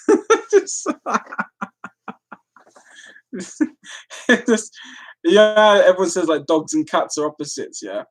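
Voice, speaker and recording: A woman's voice: lowish voice, big pitch swings, slow, pauses often. An Irish woman chatting casually on a live stream, giggling and breaking into frequent fits of laughter.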